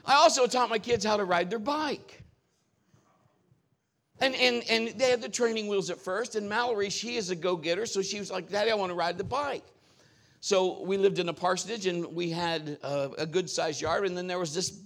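A male pastor preaching a sermon, telling animated stories and acting out quoted voices. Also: high voice, normal speed.

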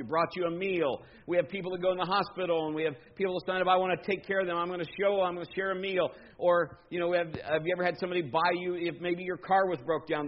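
A man with a high voice preaches a casual, conversational sermon and keeps asking his congregation questions. The sound is slightly muffled and dull. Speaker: pastor.

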